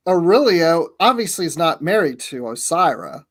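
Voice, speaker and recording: A man in casual chat on a live discussion show, lively and mimicking dialogue. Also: fairly high pitch, moderate pace, dry recording, studio quality.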